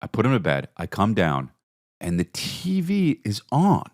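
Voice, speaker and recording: A man's voice: on the low side, wildly swooping pitch, unhurried, darkish tone. A man hosting a podcast, rambling through a profane, comedic solo monologue that jumps between topics. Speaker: podcast host.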